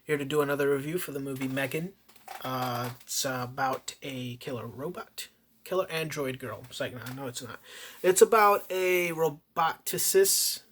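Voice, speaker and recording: A man's voice: mid-range voice, normal speed, fairly bright tone, slight background noise. A man casually reviewing a movie in a rambling, profane rant full of swearing and restarts. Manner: profane, ranting, heavy swearing.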